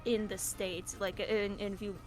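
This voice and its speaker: A woman's voice: mid-range voice, level tone, moderate pace. A woman streamer chatting casually from home, rambling with lots of fillers and restarts. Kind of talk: casual chat. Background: music.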